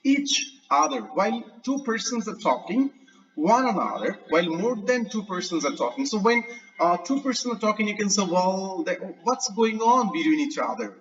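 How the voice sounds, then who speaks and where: High-voiced man teaching grammar, distant mic. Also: very animated, fairly bright tone, highs cut off. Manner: chatty, checks in often with "right?"; drawn-out, hesitant fillers. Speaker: English lecturer. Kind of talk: online grammar lesson.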